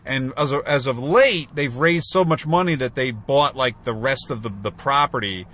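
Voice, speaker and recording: This male podcast co-host has a medium pitch, moderate pace, and fairly bright tone. His casual chat rambles, with frequent fillers and restarts.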